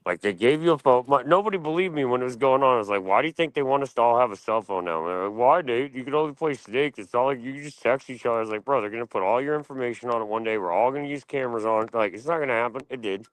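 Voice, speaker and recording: A man's voice: medium pitch, lively intonation, racing, hardly any pauses, clean tone, dry recording, low-quality recording. A man streaming, ranting casually in a blunt, profane and boastful way.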